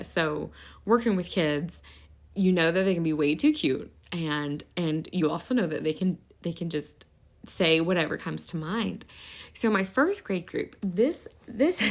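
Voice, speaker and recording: A woman in her thirties, a podcast host and teacher, telling stories in a casual chat, animated and often laughing. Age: 30s. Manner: animated, laughs often, raises pitch to quote kids.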